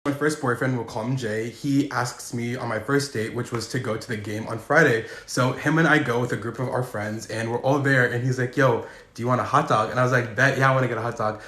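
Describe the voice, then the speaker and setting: Fast, animated young man telling stories. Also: reverberant. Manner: fast, animated, voice shooting up high and loud at punchlines. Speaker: storyteller. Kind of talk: comedic storytime monologue.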